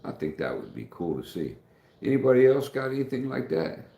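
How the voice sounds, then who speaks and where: A man's voice: fairly low pitch, very animated, brisk, gravelly, mellow. A middle-aged man from the United States hosting a live stream, rambling through stories in casual chat and acting out quoted dialogue. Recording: echoey room.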